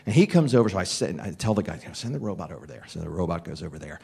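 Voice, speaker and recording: A middle-aged man, a comedian, telling a casual anecdote in an animated way, with restarts and laughs. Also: sits low, rapid-fire, vocal fry, husky. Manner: animated storyteller with many restarts. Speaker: comedian guest telling a story.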